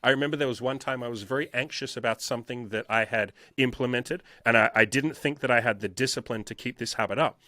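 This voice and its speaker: Guy dating coach talking it out, bright forceful voice, repeats himself a lot, swears, dry close mic. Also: medium pitch, quick pace, hardly any pauses, no echo. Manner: emphatic and repetitive, frequent swearing. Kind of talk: casual interview talk.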